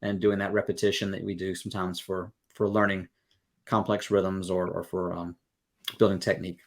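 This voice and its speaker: A man's voice: deep voice, little pitch movement, normal speed. A man from the States, a guest music educator in a podcast interview, explaining earnestly with everyday analogies. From Southern United States. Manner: acts out quoted exchanges.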